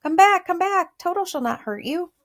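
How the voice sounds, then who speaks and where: A woman voicing a gentle, kind man made of tin, earnest and courteous, reading a storybook aloud. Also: lowish voice, expressive, normal speed, creaky, noisy background. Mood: kindly.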